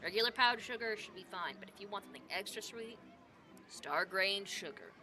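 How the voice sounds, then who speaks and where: A woman's voice: medium pitch, animated, fairly quick, pushed and bright, a little hiss or hum. A woman voicing a burly half-orc baker father who frets and explains about his sugar. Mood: worried. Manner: fretful, explaining.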